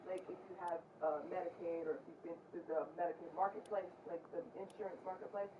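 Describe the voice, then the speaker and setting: A woman's voice: on the low side, steady tone, quick pace. A woman in her thirties chatting casually, explaining things at length with lots of fillers. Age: 30s. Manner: rambling explanations full of fillers. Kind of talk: casual chat. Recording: distant, roomy, dull and noisy.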